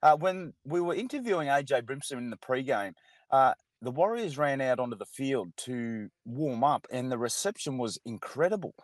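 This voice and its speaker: An Australian man co-hosting morning sports radio, talking through the weekend's games at a steady mid pitch. He gives measured analysis and pauses often on "uh". The studio sound is dry and close. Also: no echo. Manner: measured, filler-heavy analysis.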